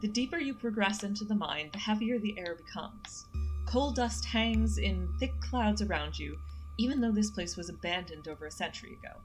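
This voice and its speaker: A young woman reads a horror game's narration on a stream, her pitch rising and falling widely. Faint music plays underneath her steady reading. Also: moderate pace, low-quality recording. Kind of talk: reading a visual novel aloud.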